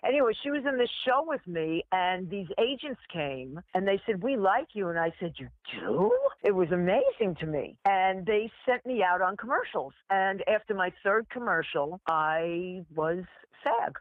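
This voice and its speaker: A woman in her sixties, a guest actress, telling animated, self-deprecating stories in a casual interview chat and laughing often. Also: fairly low pitch, moderate pace, few pauses, dry recording. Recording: tinny phone-like line, dry.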